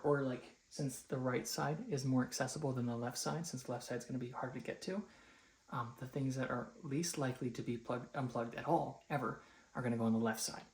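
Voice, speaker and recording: A man's voice: medium pitch, echoey room. A young man talking casually at home in a rambling vlog, full of fillers as he explains his room setup. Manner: rambling, chatty, filler-heavy. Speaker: vlogger. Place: home, rooms and stairs.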